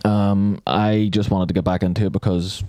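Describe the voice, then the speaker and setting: Low-voiced man, laid-back. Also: level tone, moderate pace, warm tone, dry recording. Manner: laid-back, chiming in with agreement. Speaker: podcast co-host. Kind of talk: casual chat.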